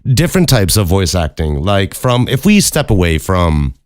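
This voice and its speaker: Podcast host: deep-voiced man from Chicago, candid, a bit profane, dry close mic. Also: very animated, normal speed, no echo. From Chicago, USA. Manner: candid, profane, joking asides. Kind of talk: casual monologue.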